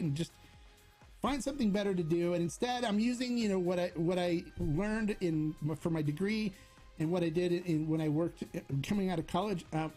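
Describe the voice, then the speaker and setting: A man's voice: high voice, warm tone. A middle-aged man hosting a casual livestream Q&A, talking in a chatty, rambling way with many restarts. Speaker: host of a tequila channel.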